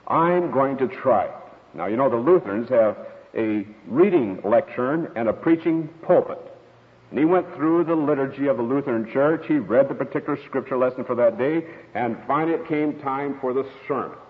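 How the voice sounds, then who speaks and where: A man's voice: medium pitch, brisk. A man preaching a sermon, telling stories and acting out quoted voices as he teaches. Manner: storytelling, expressive with quoted voices. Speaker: pastor. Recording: tinny radio broadcast with long hall reverb.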